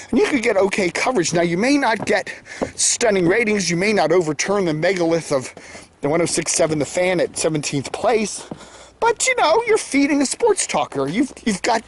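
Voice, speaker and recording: A middle-aged man hosting his own vlog, rambling opinions while walking outdoors in the woods, self-assured and opinionated. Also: fairly high pitch. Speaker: vlog host. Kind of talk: casual opinion monologue.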